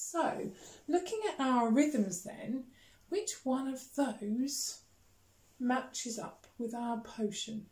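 A woman music teacher with a British accent leading a children's rhythm lesson, chanting words slowly with gasps and playful disgust. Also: a little high, reverberant, a little hiss or hum. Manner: animated storytelling, gasps and exaggerated disgust.

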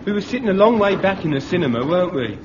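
An actor playing a naive, eager young soldier in a radio comedy. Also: male voice, high voice, big pitch swings, very fast. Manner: eager, boyish. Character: naive eager young home guard private. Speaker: young home guard private. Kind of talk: 1960s radio comedy acting. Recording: muffled old radio recording with hiss.

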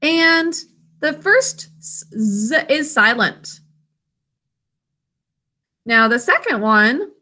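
Slow, bright-voiced woman teacher. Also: sits high, sing-song. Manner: patient, encouraging, sounds out words slowly. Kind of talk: phonics lesson for young children.

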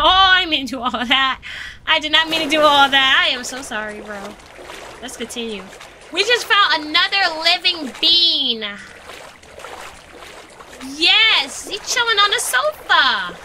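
Excitable high-voiced woman streaming a game. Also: noisy background. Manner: excitable, exclaiming, talking to viewers. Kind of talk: live gameplay commentary.

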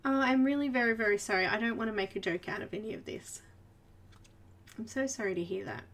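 Speaking fast in a fairly bright voice on the high side, an Australian live art tutorial host colors on stream. She chats casually with her chat's viewers and mutters to herself while working.

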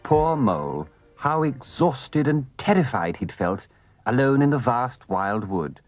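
A man narrating a children's storybook with gentle, expressive delivery. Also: mid-range voice, a little slow, faint music behind.

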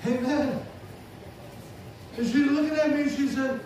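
A man with a very high voice preaches slowly and deliberately, dropping amen and hallelujah between his points. He is heard from a distance in a big, echoing hall. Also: fairly even intonation, background noise. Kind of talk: sermon. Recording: echoey hall recording from far off.

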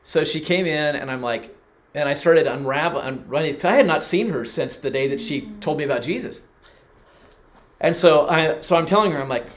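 A man's voice: on the high side, fairly quick. A middle-aged man preaching, telling a personal story and acting out the people he quotes. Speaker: pastor. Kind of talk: sermon.

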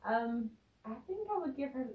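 A woman vlogger talks through tears, emotional and gushing in a casual reaction video. Her voice sits a little high. The room is echoey and she is heard from a distance off the mic. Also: lively intonation, moderate pace, phone-quality sound. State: teary, crying.

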